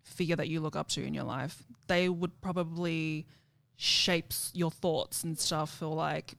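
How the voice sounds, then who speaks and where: A woman's voice: low-pitched, steady tone, a little slow, vocal fry, fairly bright tone, dry recording, studio quality. A woman co-hosting a podcast, answering thoughtfully and tentatively while searching for her words. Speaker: podcast co-host. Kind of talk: candid podcast conversation.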